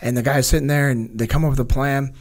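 A man's voice: medium pitch, steady tone, quick pace. A man who is a guest on a podcast, talking earnestly about a training program he runs and illustrating it with anecdotes. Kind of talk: casual podcast conversation.

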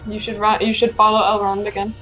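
A woman's voice: mid-range voice, completely flat delivery, quick pace, a bit bright, soft background music. A young woman hosting casual gameplay chat, chatty and helpful as she guides a friend and playfully reads game lines aloud. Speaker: gameplay host guiding a friend.

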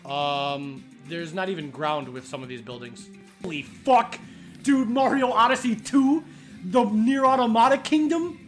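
A gaming streamer doing excitable let's play commentary, swearing a lot and laughing loudly. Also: medium pitch, a little slow, soft background music.

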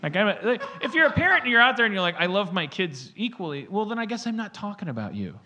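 A man's voice: sits high, huge pitch swings, rapid-fire, pushed and bright, slight background noise. A man hosting a podcast, rambling comedically through stories with lots of fillers and acted-out quotes. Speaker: podcast host.

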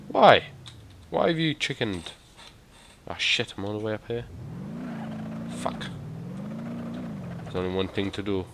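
Excitable young man commentating gameplay. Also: on the low side, a little slow, vocal fry, long pauses. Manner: energetic, excitable, swears a lot. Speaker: gaming YouTuber. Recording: loud game car noise behind.

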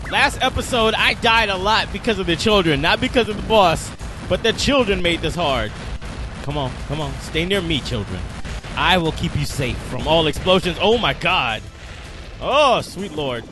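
Guy doing game commentary, kinda high voice, cussing out the enemies, soft game music behind. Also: animated, unhurried. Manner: swears and scolds the game's enemies; rambling, self-repeating explanations. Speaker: let's play host.

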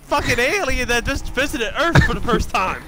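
A young man streaming a game with a friend, excitable, swearing and laughing in casual banter. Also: very high-pitched, normal speed. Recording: game noise under voice chat.

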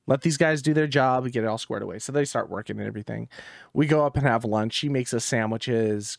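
A young man co-hosting a podcast, telling work stories in casual chat, animated, laughing often and swearing freely. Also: mid-range voice, no echo, studio quality. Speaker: podcast co-host.

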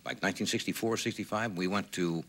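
A man's voice: low voice, fast talker, fairly bright tone. A man hosting a late-night television talk show, asking brief, dry questions.

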